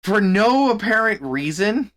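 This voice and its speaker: A man streaming and chatting casually, in an animated, exasperated way with plenty of swearing. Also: sits high, a little slow. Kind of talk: casual chat.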